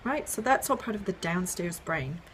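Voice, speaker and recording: A woman's voice: fairly low pitch, animated, normal speed, a bit bright, slight background noise. A woman explaining an idea in a casual video, step by step, with frequent ums and "right?" checks. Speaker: parenting educator.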